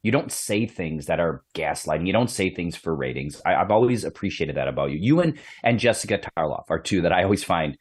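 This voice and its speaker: A man hosts a podcast interview and tells a story in an animated, conversational way, repeating words as he goes. His voice is low and husky, and his pitch moves around a lot. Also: brisk, hardly any pauses. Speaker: podcast host, police background.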